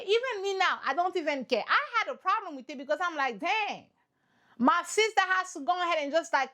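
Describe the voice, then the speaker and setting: A woman giving casual, animated reaction commentary on a reality show, playful and repeating points for effect. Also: extremely high pitch. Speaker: reaction vlogger.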